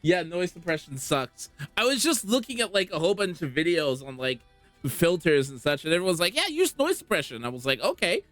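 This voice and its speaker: Giggly, animated live streamer. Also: medium pitch, brisk, no echo, soft background music. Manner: giggly and animated, laughs often. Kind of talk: casual live game stream chat. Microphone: streaming microphone.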